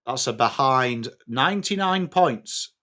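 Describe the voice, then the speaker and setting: A man's voice: medium pitch, animated, slow pace, pushed and bright. An English man hosting a live sports watch-along stream, calling the play and chatting to viewers in between. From England. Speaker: livestream host.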